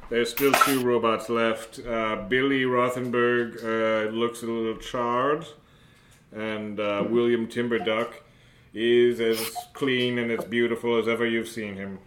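A man narrating as game master of a tabletop game, halting and full of fillers. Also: medium pitch, little pitch movement, a bit bright. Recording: roomy echo, faint noise.

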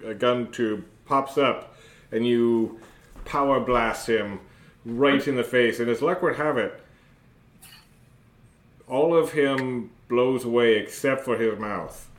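Slow, halting man game master. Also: medium pitch. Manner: halting, slow narration with many fillers. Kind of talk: narrating a tabletop game. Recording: roomy echo, faint noise.

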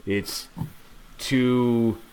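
A man narrating a tabletop game as game master, low and slow as he describes the scene. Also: fairly even intonation, darkish tone, smooth.

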